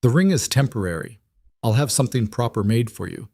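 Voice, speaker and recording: A man's voice: mid-range voice, expressive, a little fast, vocal fry, warm tone, dry recording, clean studio sound. A man voicing a cold, blunt mafia boss husband who speaks in curt, matter-of-fact commands in an audiobook reading. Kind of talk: audiobook narration.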